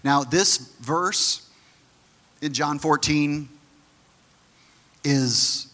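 Pastor, male: bright, forceful, slightly higher voice; talks the congregation through scripture conversationally. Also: drawn-out words. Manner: conversational teaching with frequent restarts; acts out the quoted figures in his own voice. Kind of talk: sermon.

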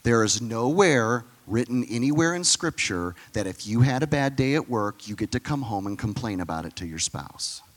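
Male pastor, casual sermon delivery, mid pitch, acts out dialogue. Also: expressive, normal speed, hardly any pauses, in a large hall. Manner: conversational, acts out dialogue in different voices.

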